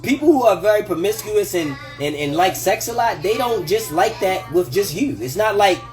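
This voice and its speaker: High-voiced, animated man on a livestream. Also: moderate pace, soft background music. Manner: animated, profane, laughs often, acts out quoted voices. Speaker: livestream host giving relationship advice. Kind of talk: casual livestream talk. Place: home kitchen.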